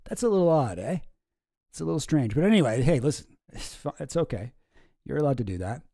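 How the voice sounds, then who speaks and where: Mellow, wry, rambling male commentator. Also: on the high side, very animated, brisk, creaky, no room sound, studio quality. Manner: rambling, self-interrupting, wry. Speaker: YouTube commentary host. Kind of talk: casual comedic commentary.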